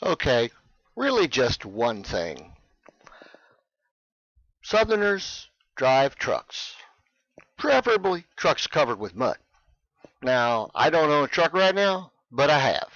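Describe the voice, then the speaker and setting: A man teaching English in a scripted lesson, speaking clearly and with emphasis for learners. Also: mid-range voice, sing-song, takes it slowly, long pauses, a bit bright, no room sound, lo-fi sound.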